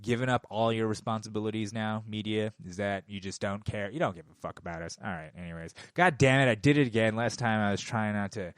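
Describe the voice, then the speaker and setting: A man's voice: fairly low pitch, fairly even intonation, quick pace, hardly any pauses, clear, resonant tone, no room sound, studio quality. Profane ranting middle-aged man. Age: 40s. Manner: profane, heated, swears constantly. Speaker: podcast host. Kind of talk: casual rant. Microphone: studio microphone.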